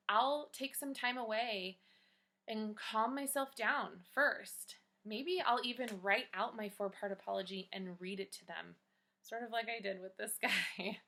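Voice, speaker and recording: A woman's voice: mid-range voice, bright, forceful tone. A woman teacher talking to children in a video lesson from home, in a chatty, encouraging manner. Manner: upbeat, encouraging, chatty with the kids. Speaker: teacher giving a daily check-in to children.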